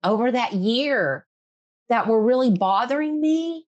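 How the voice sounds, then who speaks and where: A middle-aged woman hosts a podcast conversation with a slow, unhurried delivery and a slightly high voice. She speaks earnestly, repeating lines for emphasis and breaking into laughter often. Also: animated, muffled recording. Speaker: podcast host. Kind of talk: emotional interview chat.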